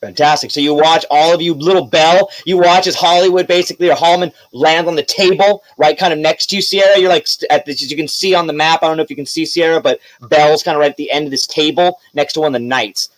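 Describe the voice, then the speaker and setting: A man's voice: a little high, fairly even intonation, fast talker, hardly any pauses, dry recording, rough recording. A man running a tabletop role-playing game as game master, narrating casually with laughs and swearing.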